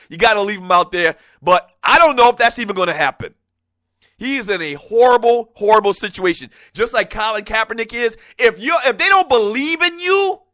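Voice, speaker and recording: Fired-up sports talk host, high bright voice. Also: male voice, no echo. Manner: fired up, exclaiming, repeats himself. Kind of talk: animated sports talk rant.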